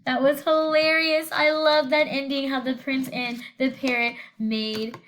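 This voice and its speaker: A woman teacher with a high voice reads a storybook to her class in an animated, expressive way. She stops now and then to ask the students questions about the pictures. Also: a little slow. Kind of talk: reading a picture book aloud to students.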